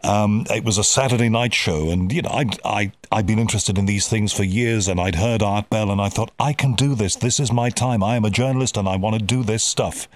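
A man's voice: fairly low pitch, fairly quick, few pauses. A man hosting an interview podcast, talking casually with frequent restarts and effusive thanks. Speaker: podcast host.

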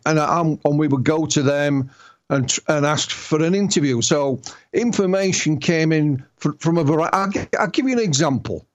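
Yorkshire-accented male author, chatty storyteller with frequent restarts, somewhat higher voice. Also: normal speed. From Yorkshire, England. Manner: storytelling, repeats and restarts words. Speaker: author and guest. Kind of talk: interview conversation.

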